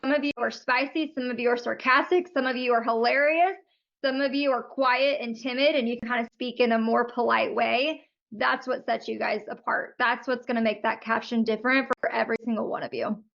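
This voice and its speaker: A woman's voice: fairly high pitch, fairly even intonation, fairly quick, gravelly, fairly bright tone, muffled recording. A woman coaching photographers on a live video call, talking in a friendly, frank and chatty way.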